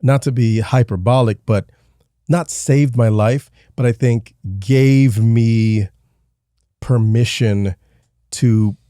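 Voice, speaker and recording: A man's voice: mid-range voice, takes it slowly, warm tone, no room sound, clean studio sound. A man co-hosting a podcast, speaking in an earnest and reflective way in casual chat. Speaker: podcast co-host.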